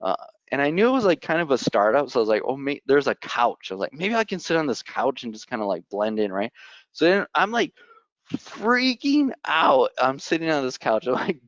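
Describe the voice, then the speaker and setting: Animated young man telling a story. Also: medium pitch, dry recording. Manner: animated, says "like" constantly, laughs often. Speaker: conference speaker. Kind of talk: casual storytelling talk.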